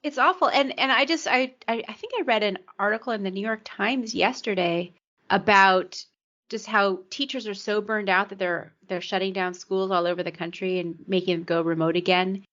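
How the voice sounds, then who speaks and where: Animated woman podcast co-host. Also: medium pitch, moderate pace, muffled recording. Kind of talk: casual podcast chat.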